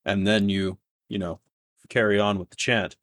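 Low-voiced casual male game master. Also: level tone, normal speed, a bit bright. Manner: casual, rambling with restarts and fillers. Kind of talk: narrating a tabletop game.

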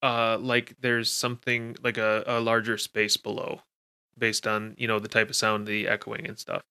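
Bright, smooth-voiced male game master. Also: fairly low pitch, monotone, moderate pace. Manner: casual, descriptive, with fillers. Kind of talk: narrating a tabletop game.

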